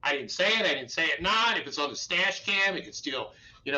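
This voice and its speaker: An older man talks through legal advice in a folksy, emphatic way, tagging his points with a quick "okay?". His voice sits high for a man and sounds bright and forceful. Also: expressive, muffled recording. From Texas. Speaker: attorney. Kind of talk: informal legal advice talk.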